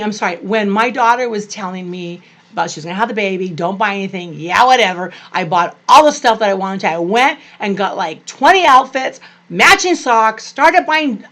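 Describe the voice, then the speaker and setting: Animated grandmother telling family stories. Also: medium pitch. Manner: animated, gushing, acts out quoted family voices. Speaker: vlogger. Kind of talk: personal storytelling to camera.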